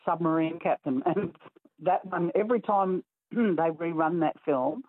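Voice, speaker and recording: A woman's voice: lowish voice, measured pace, husky. A shy woman, a caller phoning in to talkback radio. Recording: tinny phone line.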